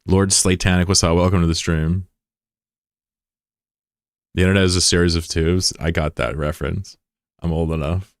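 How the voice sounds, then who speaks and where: Low-pitched American guy streaming, cracking crude jokes while answering chat, dry close mic. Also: little pitch movement, normal speed, pauses often, dry recording. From United States. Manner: joking, profane, rambling asides. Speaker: live streamer. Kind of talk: casual chat, reading out viewer comments.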